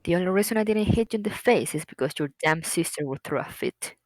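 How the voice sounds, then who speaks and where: A woman's voice: on the low side, expressive, fast, dry recording, close to an everyday voice. A woman voicing a stern, contemptuous man, reading game lines in a cold, curt way. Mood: cold, scornful. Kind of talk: reading visual novel lines aloud.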